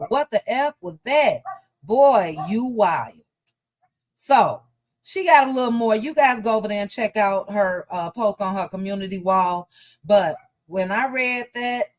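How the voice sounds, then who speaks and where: A woman hosting a casual gossip livestream from home, chatting and reading viewer comments aloud. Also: fairly high pitch. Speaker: gossip show host.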